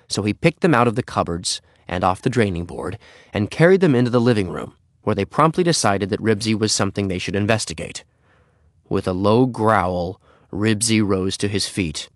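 A man narrating a children's storybook in a steady, measured reading voice. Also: lowish voice, no echo, studio quality.

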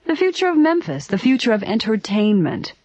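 A woman voicing a smooth-talking middle-aged Southern gentleman in a story reading. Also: a little high, big pitch swings, brisk, dry recording, pitched above the performer's own voice. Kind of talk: storybook character voice.

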